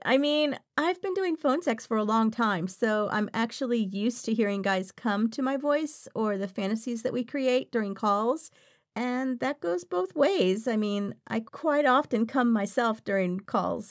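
A woman's voice: on the high side, a little slow. A woman voice actress answering interview questions in a frank, playful way, often laughing.

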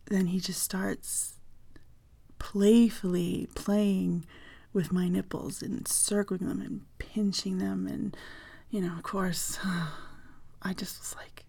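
A woman telling an intimate personal story in a soft, slow voice that often drops into a breathy whisper. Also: medium pitch, level tone.

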